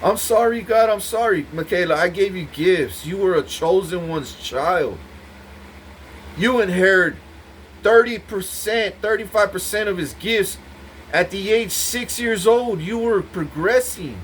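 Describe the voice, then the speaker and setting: A man's voice: high-pitched, measured pace, a bit bright, a little hiss or hum. A man giving an intense, profane, rambling monologue to the camera, repeating himself as he goes. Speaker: vlogger speaking to camera.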